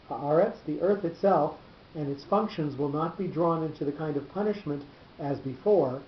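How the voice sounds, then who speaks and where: A man teaching a small class at a measured, halting pace, circling back over his own words as he explains. His voice sits a little higher than most men's. The room is echoey and the recording is dull and lo-fi with a faint hiss. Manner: measured, halting, repeats words while thinking.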